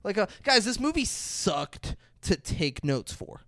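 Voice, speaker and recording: A man co-hosting a podcast, casually and profanely retelling movie scenes in an animated way. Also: sits high, takes it slowly, few pauses, dry recording, studio quality. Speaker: podcast co-host. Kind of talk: casual movie review chat.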